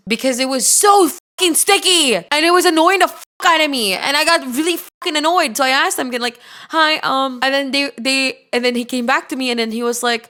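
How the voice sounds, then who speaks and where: A young woman streamer chatting casually, excitable and quick to outrage, swearing freely as she reacts. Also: a little high.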